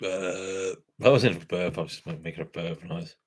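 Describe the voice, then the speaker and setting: A man's voice: sits low, fairly even intonation, a little fast, husky. A man hosting a craft beer channel, chatting casually and rambling, correcting himself and chuckling as he goes. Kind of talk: casual rambling chat with viewers.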